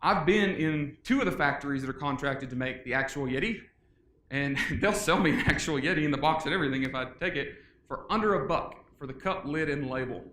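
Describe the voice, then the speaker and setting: A middle-aged man giving a casual, energetic conference talk, joking with the audience. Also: on the high side, fairly quick, a little hiss or hum. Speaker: conference speaker. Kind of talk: live presentation. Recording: echoey conference room.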